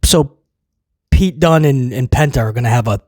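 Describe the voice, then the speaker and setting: A man's voice: mid-range voice, normal speed, a little mellow, dry recording, studio quality. A man giving a casual spoken review of a wrestling show, blunt and emphatic, piling up repeated phrases.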